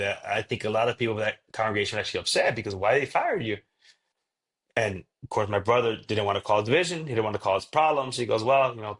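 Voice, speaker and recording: A man's voice: on the low side, a bit bright. A man, a pastor who is a podcast guest, telling a story in casual conversation and acting out the quoted dialogue.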